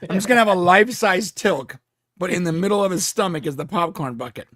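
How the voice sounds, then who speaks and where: A man's voice: sits high, fast talker, a bit bright, no room sound, clean studio sound. A man hosting a live watch-along stream, chatting casually and laughing often. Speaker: stream host.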